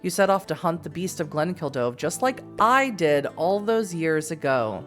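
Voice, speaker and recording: A woman's voice: fairly low pitch, animated, normal speed, fairly bright tone, faint music behind. A woman voicing a composed female vampire who speaks in a neutral, dispassionate way. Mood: wistful, cold.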